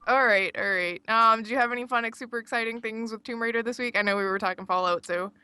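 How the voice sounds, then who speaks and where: Southern woman co-host, bright and a bit high, dry close mic, casual swearing chatter. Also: quick pace, clear, resonant tone, no room sound. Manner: laughing, teasing, swears freely. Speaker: podcast co-host. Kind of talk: casual podcast chat.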